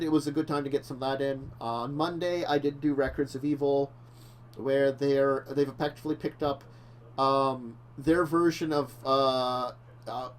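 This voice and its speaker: Guy rambling about his week, keeps correcting himself, faint hum in the background. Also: medium pitch. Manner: rambling, self-correcting, laughs often. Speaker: talk show co-host. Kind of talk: casual chat.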